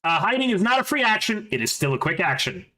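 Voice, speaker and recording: Bright-voiced game master. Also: male voice, high-pitched, big pitch swings, quick pace, low-quality recording. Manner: rules-explaining, narrating combat. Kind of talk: running a tabletop game.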